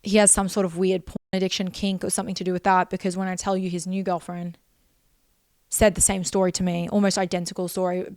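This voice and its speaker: A woman's voice: on the low side, flat delivery, fast talker, darkish tone, clear, resonant tone, no echo, studio quality. Intense Australian woman, raw storytelling. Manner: intense, profane, repeats phrases for emphasis. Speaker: vlogger. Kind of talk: emotional personal storytelling.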